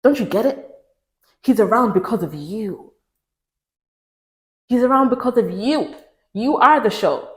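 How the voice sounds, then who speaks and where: A woman's voice: lively intonation, measured pace, long pauses. Emphatic woman preaching advice, echoey room. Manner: emphatic, preachy, repeats phrases for stress; mimics others in raised pitch. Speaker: relationship advice vlogger. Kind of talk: direct-to-camera advice talk.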